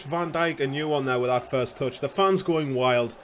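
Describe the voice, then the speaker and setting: A young man commentating his own football video game, slightly hoarse, bursting into shouts and laughter at goals. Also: mid-range voice, normal speed, slight background noise. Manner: excitable, shouts at goals, casual swearing. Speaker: gaming youtuber.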